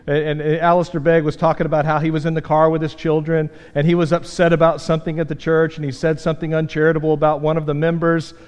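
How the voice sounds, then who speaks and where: A man preaching a sermon as pastor, earnest and emphatic, dropping from loud points to quiet self-deprecating asides. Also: on the high side, completely flat delivery, fast talker, few pauses, clean tone. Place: church sanctuary. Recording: long hall reverb.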